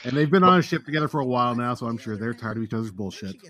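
Lively man hosting a commentary. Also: medium pitch, very fast. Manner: animated and jokey. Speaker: director and commentary host. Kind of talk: casual commentary chat.

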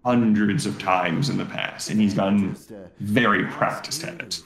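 A man's voice: lowish voice, animated, measured pace, fairly bright tone. A man on a podcast talking through a story in a thoughtful, articulate casual chat. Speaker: podcast guest. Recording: roomy echo.

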